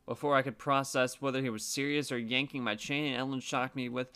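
A man's voice: mid-range voice, normal speed, hardly any pauses, fairly bright tone, smooth. A man narrating a story casually, with wry, swearing asides.

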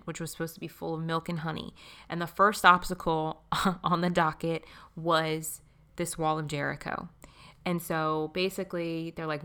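Chatty woman podcast host, lowish voice. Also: smooth. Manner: warm, chatty, laughs often, says friend. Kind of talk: casual devotional podcast talk.

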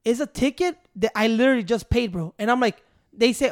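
A man's voice: extremely high pitch, fairly quick. A man in casual podcast chat, arguing and swearing, calling his friend "bro". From Chicago area. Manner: profane, argumentative, calls his friend "bro".

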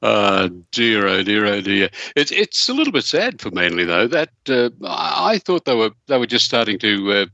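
A man's voice: on the low side, very animated, moderate pace, vocal fry, few pauses, pushed and bright, no room sound, highs cut off. A man with an Australian accent co-hosting a casual sports podcast, rambling and chuckling as he gives blunt opinions. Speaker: co-host.

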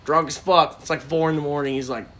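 A man's voice: on the high side, steady tone, fast, a bit bright. A young man, a podcast co-host, telling a casual profane story with frequent laughter.

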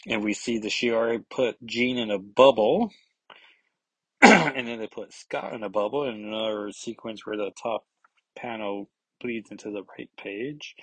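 Brief: laid-back comic reviewer, low-pitched man, husky tone, dry close sound. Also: fairly bright tone, no echo. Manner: rambling, full of fillers. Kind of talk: casual comic recap.

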